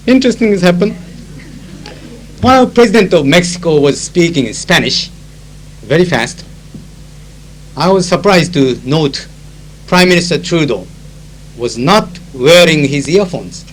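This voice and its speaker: A man's voice: on the high side, sing-song, unhurried, pauses often, poor audio. A man with a Japanese accent, a conference interpreter, chatting through anecdotes with many fillers. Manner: switches into Japanese to explain phrases. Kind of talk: recorded spoken diary. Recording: old tape with faint hum.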